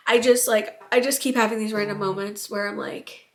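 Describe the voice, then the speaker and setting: A woman's voice: mid-range voice, fairly even intonation, normal speed. Young woman vlogger, late pregnancy, tired, casual and filler-heavy talk to camera. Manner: chatty, rambling, filler-heavy with frequent "like".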